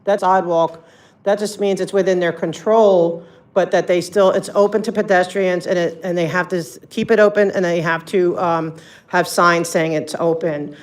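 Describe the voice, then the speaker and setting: A person giving a public comment at a meeting, rambling and hesitant, often pausing with ums. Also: mid-range voice, steady tone.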